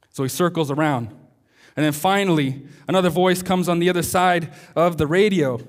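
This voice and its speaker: A male pastor preaching a sermon, telling a story and slowing down to stress his key lines. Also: on the high side.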